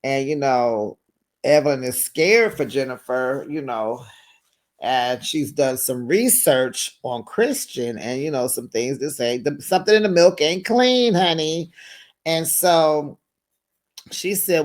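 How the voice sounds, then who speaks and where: Reality show recap host, casual gossip chat, sassy, chatty, laughs a lot, mid pitch. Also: takes it slowly. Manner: sassy, chatty, laughs often, talks to viewers directly.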